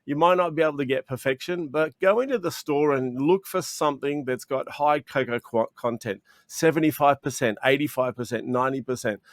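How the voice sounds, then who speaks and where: A little fast and with few pauses, a man's mid-range voice tells eager stories: he's an Australian chocolatier in a video interview, animatedly reenacting customer chats. He restarts frequently. The video-call recording has studio quality and no echo.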